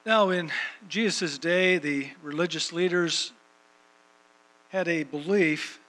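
A man's voice: on the high side, takes it slowly, pushed and bright, poor audio. A man preaching a sermon and reading scripture, emphatic, repeating phrases for rhythm.

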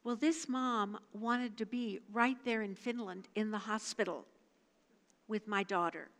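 An older woman giving a devotional talk, reading scripture and telling a personal story in an earnest, measured way. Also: medium pitch, steady tone, a bit bright. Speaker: devotional speaker. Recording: long hall reverb.

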